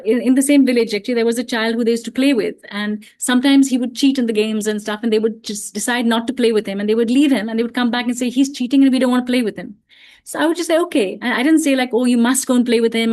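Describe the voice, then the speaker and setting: A middle-aged woman giving an online parenting talk, telling stories in a calm, reflective way with many fillers. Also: on the high side. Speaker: parenting speaker.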